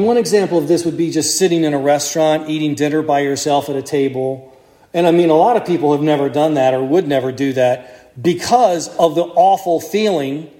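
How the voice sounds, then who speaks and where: A male priest preaching a sermon, telling the story with lively acted-out voices. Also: fairly high pitch, echoey room. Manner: animated storytelling, acts out crowd voices. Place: church.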